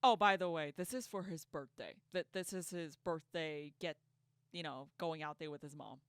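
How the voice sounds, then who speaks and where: A woman giving casual reaction commentary, sarcastic and quick to laugh, stumbling over repeated words as she rants. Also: low voice, a little hiss or hum. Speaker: online commentator.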